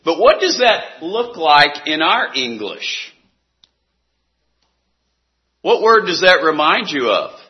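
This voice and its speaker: A man preaching a sermon in a slow, earnest way, his voice sinking soft on key words. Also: fairly high pitch, big pitch swings, dull audio.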